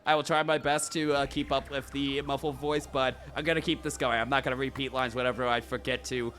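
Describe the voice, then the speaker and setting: A man streaming a visual novel, reading the protagonist's lines and narration aloud in an animated way. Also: medium pitch, a little fast. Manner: animated, self-mocking, swears freely.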